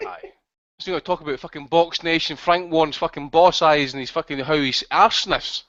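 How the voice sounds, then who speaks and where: High-voiced ranting man. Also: steady tone, fairly quick, fairly bright tone. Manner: swears constantly, ranting. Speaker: podcast host. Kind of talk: casual profane banter. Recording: dull lo-fi sound.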